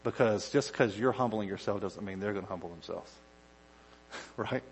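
A male pastor giving a conversational sermon, dropping to quiet asides and rising to loud acted-out shouts. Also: fairly low pitch, moderate pace, a little hiss or hum, low-quality recording.

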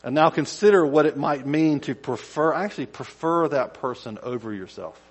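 A male pastor giving a conversational sermon, dropping to quiet asides and rising to loud acted-out shouts. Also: fairly high pitch, moderate pace, slightly rough, poor audio.

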